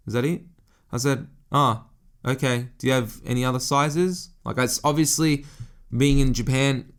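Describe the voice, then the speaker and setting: A young man of medium pitch tells a story on his podcast in a loose, swear-filled monologue. He gets animated and his voice climbs high whenever the story frustrates him. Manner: animated, profane, rising in pitch when exasperated. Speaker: podcast host.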